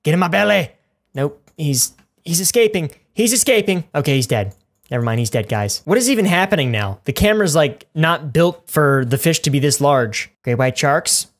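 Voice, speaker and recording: A man's voice: mid-range voice, lively intonation, moderate pace. Male let's-play host, goofy and rambling, cracks crude jokes at the audience. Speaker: gaming YouTuber.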